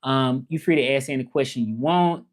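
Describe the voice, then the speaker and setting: A man's voice: mid-range voice, moderate pace. A man with a Southern US accent chatting casually on a livestream, reading viewer comments and talking straight to the audience. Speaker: livestreamer and language teacher.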